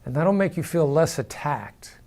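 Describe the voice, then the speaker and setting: Measured man explaining negotiation. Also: fairly high pitch, animated, a little mellow. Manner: measured, demonstrates vocal inflections. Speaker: former hostage negotiator. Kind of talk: explanatory talk to camera.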